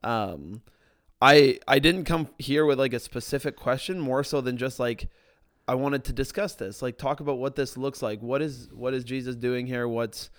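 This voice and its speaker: A man's voice: medium pitch, normal speed, no room sound, studio quality. A man co-hosting a podcast, reading scripture aloud earnestly and turning it over with questions. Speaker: podcast co-host. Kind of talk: casual Bible discussion.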